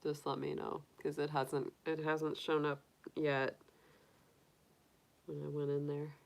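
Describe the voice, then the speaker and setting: A woman's voice: sits low, little pitch movement, takes it slowly, gravelly. A woman hosting a casual livestream, cooing in baby talk to her pet rabbit and chatting with viewers. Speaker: tarot reader livestream host.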